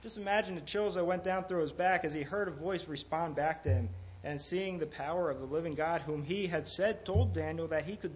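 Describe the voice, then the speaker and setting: Halting man preaching, slightly high voice. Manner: halting, many fillers and restarts. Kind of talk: informal sermon. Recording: dull lo-fi recording with faint noise.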